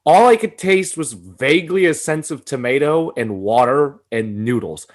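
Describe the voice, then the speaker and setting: A man's voice: medium pitch, lively intonation, normal speed. A young man co-hosting a podcast in casual chat, ranting animatedly and swearing often, with frequent laughter. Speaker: podcast co-host.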